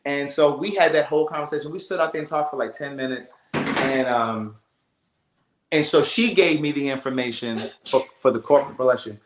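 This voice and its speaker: A man's voice: a little high, moderate pace. Fields: emphatic man telling a story in an echoey room. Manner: animated, emphatic storytelling with frequent repetitions. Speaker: livestream host. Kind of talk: casual storytime on a livestream. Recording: roomy echo.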